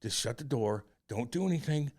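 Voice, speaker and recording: A man in his forties co-hosting a podcast, telling a personal story in a rambling, profane way that turns loud and heated. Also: mid-range voice, animated, brisk. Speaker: podcast co-host. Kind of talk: candid casual chat.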